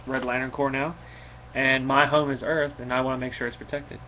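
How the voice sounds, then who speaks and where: A man's voice: medium pitch, flat delivery, fairly quick, slight background noise, lightly acted. Man playing a self-assured comic-book corps leader, matter-of-fact, slightly dull recording. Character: confident male space-cop leader, matter-of-fact.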